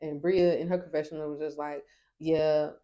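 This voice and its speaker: Sassy woman reviewer, low-ish voice, casual recap. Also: fairly even intonation, quick pace, dark tone. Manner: sassy, emphatic. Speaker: TV show reviewer.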